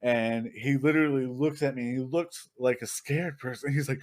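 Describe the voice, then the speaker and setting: A man's voice: mid-range voice, moderate pace, darkish tone. A young man co-hosting a podcast, chatting casually, swearing and laughing as he tells stories. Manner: laughing, swearing, loose storytelling. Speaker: podcast co-host. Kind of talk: casual chat.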